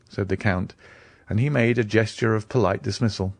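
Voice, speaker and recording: In studio-quality, dry audio, a man with a lowish voice narrates a classic novel for an audiobook. The scripted delivery is measured and expressive, in a storytelling manner.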